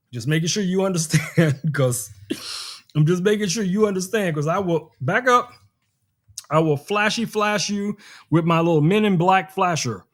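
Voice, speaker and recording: A man hosting a casual live tech stream, demoing gadgets with an animated, joking manner and talking straight to his viewers. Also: high-pitched. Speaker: tech livestream host.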